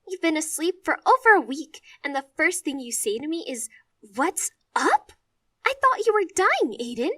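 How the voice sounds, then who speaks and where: A tearful teenage sister in a storybook reading, her voice high and loud and broken with sobs, as a woman narrator puts her on. The sound is dry and a little distant from the mic. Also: sing-song, takes it slowly, dry recording, exaggerated voice.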